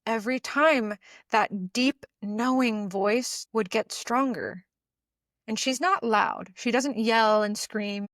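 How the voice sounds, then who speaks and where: A woman relationship coach speaks in an earnest, soothing podcast monologue at a middling pitch. Her delivery is unhurried and reflective, with the occasional casual swear word. The recording is close and completely dry. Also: fairly bright tone, dry recording.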